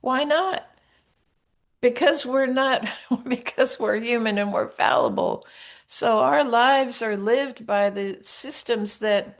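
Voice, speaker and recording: A woman hosting a podcast, gently guiding listeners through a reflective practice in an unhurried way with small restarts. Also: on the high side. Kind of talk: reflective guided practice talk.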